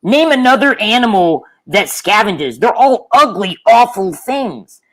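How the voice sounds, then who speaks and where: A woman's voice: mid-range voice, big pitch swings, a little slow, poor audio. Exasperated, put-upon employee, played by a woman; rambling and indignant, improvised comedy.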